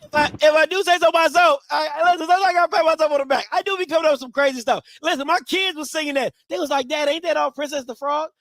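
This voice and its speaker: Talking rapid-fire on his live stream, this very high-voiced host hammers home points by repeating himself and shifting between loud and soft. The audio is dry and close to the mic, without any room echo, and the talk is animated.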